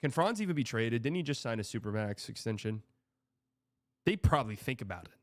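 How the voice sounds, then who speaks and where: Speaking briskly and expressively in a mid-range voice, a young man runs a laid-back sports livestream, reading out donations between exasperated, swearing-laden tangents. The sound is clean studio audio with no room sound.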